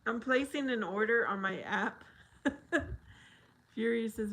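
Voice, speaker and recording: A woman hosting a casual livestream, reading viewer comments aloud slowly and laughing often. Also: fairly high pitch, a bit bright. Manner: slow, drawn-out reading with frequent laughter. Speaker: livestream host.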